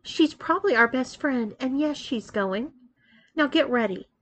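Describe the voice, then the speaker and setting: A strong-willed young woman lays down plans and brooks no argument, as a woman reading a story puts her on. Her voice is somewhat high and her tone is firm and decisive. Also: expressive, measured pace, a bit bright, exaggerated voice, poor audio. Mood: sharp.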